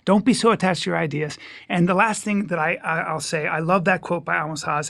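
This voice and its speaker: A man in his fifties, a guest on a talk show, chatting in an animated, joking way with quick asides. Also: a little high. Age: 50s. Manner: animated, quick asides, self-mocking humor. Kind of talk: casual talk show conversation.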